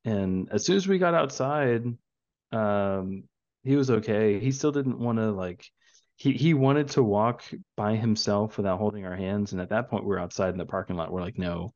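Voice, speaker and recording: A young father chats in a low voice, wandering through his story with plenty of fillers. The sound is dry and a bit muffled. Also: normal speed, a little mellow, dry recording. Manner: rambling storyteller with many fillers. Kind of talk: casual chat.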